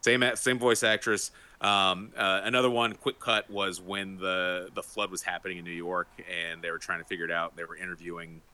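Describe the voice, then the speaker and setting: A man's voice: deep voice, level tone, normal speed, few pauses, sharp tone, clear, resonant tone. A man co-hosting a casual podcast, laying out details at length in a knowledgeable way. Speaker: podcast co-host.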